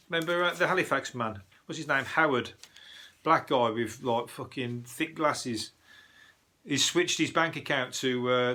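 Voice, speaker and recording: A man's voice: medium pitch, bright, forceful tone. A man, hosting a casual comic news podcast, rambling, swearing and losing his thread. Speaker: podcast host, comedian. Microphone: cheap earbuds mic.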